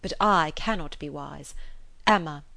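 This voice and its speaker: A woman reading the part of an earnest, grave gentleman suitor, speaking in a measured and tender way. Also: low voice, creaky, no room sound, pitched below the performer's own voice, exaggerated voice.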